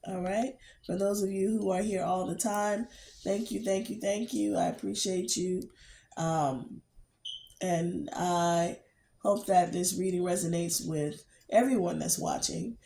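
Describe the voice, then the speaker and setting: A woman with a stuffy, nasal voice from a cold, hosting a casual tarot reading in a slow, hesitant way with many pauses. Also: lowish voice, gravelly, reverberant, slight background noise, low-quality recording. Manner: slow, hesitant, many ums, murmurs quietly while shuffling cards. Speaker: tarot reader, channel host.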